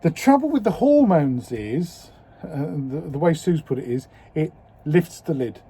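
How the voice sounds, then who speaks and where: Husky fifty-something guy, dark voice, talks slow and frank into his video diary. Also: a little high, very animated. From England. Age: 50s. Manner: slow, reflective and candid, with strong swearing. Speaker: video diarist.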